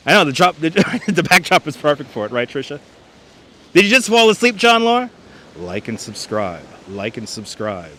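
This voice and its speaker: Lively, bright-voiced New man streaming outdoors. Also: on the high side. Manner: chatty, reads out viewer comments, slips into put-on voices. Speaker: livestream host. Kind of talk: casual live-stream chat. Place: outdoors on a winter beach. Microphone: wireless clip-on mic.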